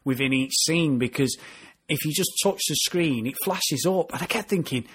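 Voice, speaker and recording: A man's voice: a little high, moderate pace, husky. A man co-hosting a TV review podcast, chatting animatedly and laughing often as he talks. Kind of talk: casual review chat.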